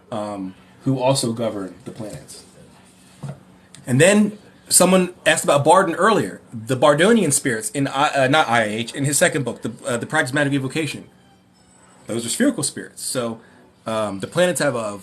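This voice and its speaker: A man hosting a livestream Q&A, ranting and mocking in an animated way, often rambling and correcting himself. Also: mid-range voice, slightly rough. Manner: animated, mocking, breaks into laughter. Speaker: livestream host.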